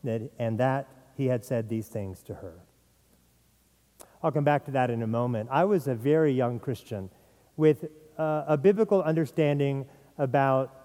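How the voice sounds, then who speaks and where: A man's voice: mid-range voice, warm tone, long reverb tail. A middle-aged man preaching a sermon as pastor, earnest, sometimes repeating words as he stresses a point.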